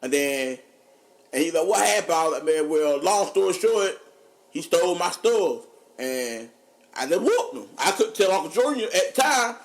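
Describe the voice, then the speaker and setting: Animated man telling stories. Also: moderate pace. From North Carolina. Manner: animated, laughing often, drops low for quoted voices. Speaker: podcast co-host. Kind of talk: casual storytelling.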